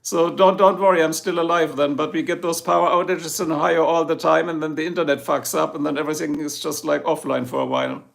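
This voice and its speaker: A man's voice: a little high, flat delivery, fast talker, creaky, hardly any pauses, a bit bright. A man from Germany with a German accent, casually chatting with viewers on his livestream, joking and greeting people by name. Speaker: livestream host. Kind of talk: casual live chat reading comments. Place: home in Ohio.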